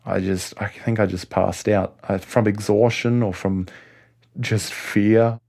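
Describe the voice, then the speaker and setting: A man with an Australian accent telling a first-person story in a halting way, often restarting his sentences. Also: on the low side, fairly even intonation, vocal fry, a little mellow. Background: music score.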